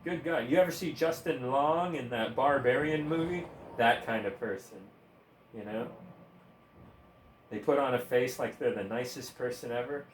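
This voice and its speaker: A gaming streamer with a mid-range voice rants at a moderate pace, heated, profane and sarcastic, with bursts of laughter. The recording has a roomy echo, faint ambience and slight background noise.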